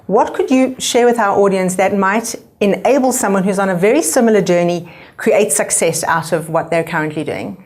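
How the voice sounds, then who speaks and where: A woman's voice: medium pitch, moderate pace, few pauses, a little mellow. A woman hosting an interview, enthusiastic, summing up her guest's points. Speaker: interview host. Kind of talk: conversational interview.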